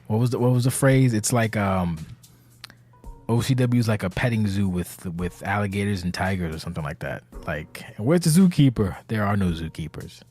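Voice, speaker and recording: Brief: man with a lowish voice, rambling and profane, sounds tired and anxious, faint music underneath. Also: fairly quick, a little mellow. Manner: rambling, profane, self-interrupting. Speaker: community leader of an online wrestling game league. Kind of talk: casual podcast monologue. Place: indoors, seated.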